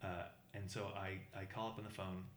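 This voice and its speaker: A middle-aged man from the Boston area spins a rambling travel story, full of fillers and restarts. He talks fast in an echoey room. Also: flat delivery, slight background noise. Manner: halting, many fillers and restarts, acts out voices with big pitch jumps. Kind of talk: casual anecdote telling. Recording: roomy echo.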